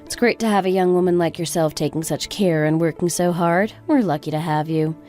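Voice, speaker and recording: A woman playing a sharp-tongued, scornful older mother-in-law who talks in a sarcastic, scolding way. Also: fairly low pitch, a little fast, lightly acted. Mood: flattering. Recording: faint background music.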